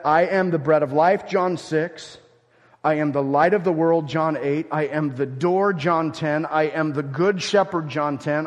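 Male pastor, slightly high voice, emphatic sermon delivery with quiet asides; long hall reverb. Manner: emphatic, swings between loud stresses and quiet asides.

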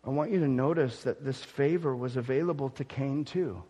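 A man preaching a sermon, swinging between loud emphatic declarations and soft gentle murmuring, often repeating words as he restarts. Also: mid-range voice, a little fast. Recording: long hall reverb.

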